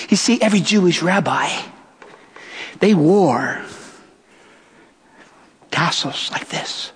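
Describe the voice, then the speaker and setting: Slow, husky-voiced preacher. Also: male voice, high voice, lively intonation. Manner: dramatic, drawn-out pauses, rhetorical questions. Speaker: pastor. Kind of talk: sermon. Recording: long church reverb.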